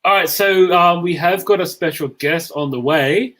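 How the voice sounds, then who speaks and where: A man co-hosting a live show, relaxed and mostly giving short agreeing replies. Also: high voice, moderate pace. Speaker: co-host. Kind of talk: casual live show chat.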